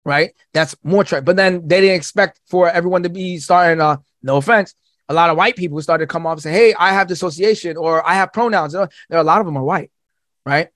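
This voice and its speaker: A man guesting on a podcast, talking in a long, restless monologue full of swearing and constant "right?" check-ins. His voice sits fairly high for a man, and now and then he jumps into squeaky put-on voices to quote people. The sound is dry and close, with no room echo. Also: fairly bright tone. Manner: rapid rambling monologue, swearing, says "right?" often. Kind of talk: casual podcast chat.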